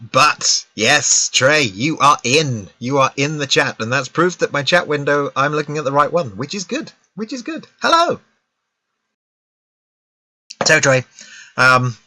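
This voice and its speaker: A man's voice: medium pitch, pushed and bright, no room sound. A British man giving casual live-stream commentary on a game at home, chatty and full of self-mocking asides. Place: at home with a laptop.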